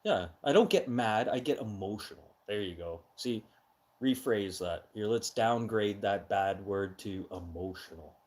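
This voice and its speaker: A middle-aged man hosting a casual live chat, talking loudly and with heavy emphasis, getting excitable when he has an opinion. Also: lowish voice, a little slow. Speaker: live stream host.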